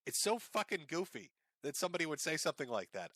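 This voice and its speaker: A man's voice: a little high, very animated, quick pace, sharp tone, dry recording, studio quality. A man hosting a commentary show, talking sarcastically over clips, often laughing and swearing. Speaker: commentary host.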